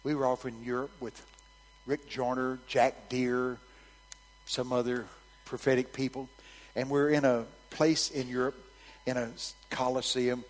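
A man preaching a storytelling sermon, swinging from hushed asides to loud, shouted quotes. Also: medium pitch, level tone, measured pace, in a large hall, poor audio.

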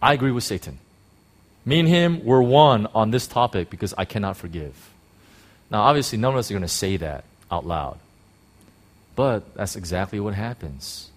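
A man pastor preaching a sermon in a conversational way, with rhetorical questions and quick acted-out quotes of churchgoers. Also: sing-song. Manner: acts out quoted church talk in sudden high bursts.

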